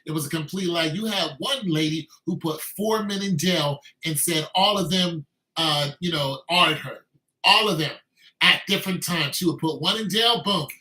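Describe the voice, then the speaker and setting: Emphatic high-voiced ranting man. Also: normal speed, pushed and bright. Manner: emphatic, repetitive, scolding. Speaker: video commentator. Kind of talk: ranting commentary. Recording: echoey room.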